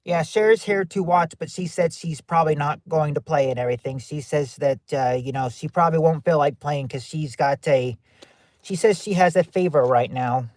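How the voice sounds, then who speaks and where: A livestream host with a slightly high, somewhat mellow voice chats casually with viewers while reading the live chat, speaking at normal speed. He rambles, repeats himself, and restarts sentences often. The audio is studio quality with no echo.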